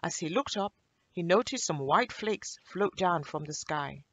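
A woman reading a children's story aloud in an expressive storybook manner. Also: fairly low pitch, a little slow.

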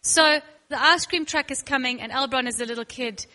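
This high-pitched woman talks a little fast as she leads a worship class, emphatic and playful with sudden bursts of excitement. She acts out little scenes together with her students.

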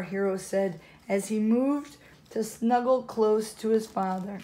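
A woman's voice: medium pitch, takes it slowly, mellow. A woman, a teacher, reading a children's storybook aloud in a casual way, correcting herself as she goes.

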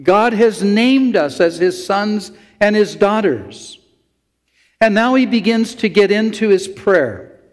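High-voiced pastor preaching in an echoing hall. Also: male voice, lively intonation, takes it slowly. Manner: conversational preaching with asides to the congregation. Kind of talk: sermon. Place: church sanctuary. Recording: long church hall reverb.

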